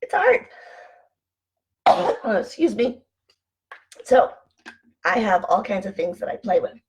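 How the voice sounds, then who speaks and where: A woman hosting a casual motivational vlog from home, chatty and animated as she tells anecdotes. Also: medium pitch, slow, breathy edge. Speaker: online show host.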